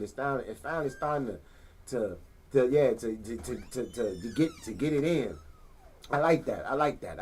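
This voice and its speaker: A man hosting a sports podcast from a living room, talking casually in an animated, slangy, rambling way and repeating himself. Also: on the high side. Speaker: podcast host.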